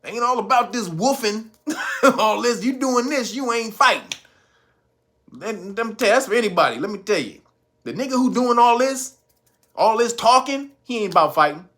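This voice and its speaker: A man hosting a podcast, giving profane, comic commentary, laughing often and acting out quotes loudly. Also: very high-pitched, animated, moderate pace. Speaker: podcast host.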